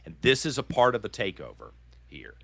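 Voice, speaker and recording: A man's voice: medium pitch, sing-song, brisk, vocal fry, fairly bright tone, dry recording. A middle-aged man from Virginia hosting a political talk show, ranting with indignant passion. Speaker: podcast host.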